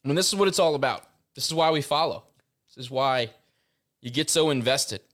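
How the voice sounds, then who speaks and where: A man's voice: mid-range voice, a little fast, a bit bright. A man hosting a casual sports talk show, talking with enthusiasm and rambling from one player to the next. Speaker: podcast host.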